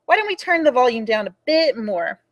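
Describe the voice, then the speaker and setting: A woman voicing a calm, gentle schoolteacher speaking kindly to a child in a storybook reading. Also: high voice, fairly quick.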